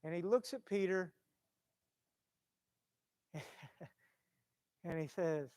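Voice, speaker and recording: Impassioned high-voiced male preacher. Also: drawn-out words, pauses often, clear, resonant tone, no echo. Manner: impassioned, swings from loud to hushed, repeats phrases. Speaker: pastor. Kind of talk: sermon. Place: church.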